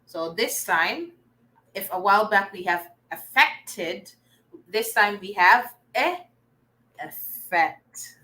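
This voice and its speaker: Filipino lady teacher, slow and bright, cheering the class on. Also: mid-range voice, animated, a little hiss or hum, rough recording. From Philippines. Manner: encouraging, coaxing students. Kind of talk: online tutorial lesson.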